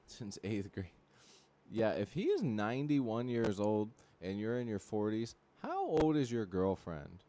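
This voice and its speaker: A young man hosting a livestream, telling rambling, profane stories full of fillers and reacting to chat with loud disbelief. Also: on the low side, very animated, a little slow. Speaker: livestream host. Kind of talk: casual chat.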